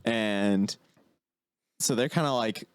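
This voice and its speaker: A man co-hosting a casual podcast, telling stories in an animated way and laughing often. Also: on the low side, slow pace, clean tone, no room sound. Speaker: podcast co-host. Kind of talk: casual chat.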